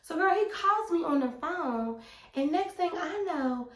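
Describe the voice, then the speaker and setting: A young woman telling a storytime to her viewers in an animated, slangy way. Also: very high voice, measured pace, echoey room. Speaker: vlogger. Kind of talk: storytime vlog.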